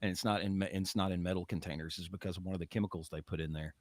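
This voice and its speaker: A man's voice: sits low, steady tone, racing, a little mellow, dry recording, studio quality. A man co-hosting a podcast in casual chat, rambling and joking with many fillers. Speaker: podcast co-host.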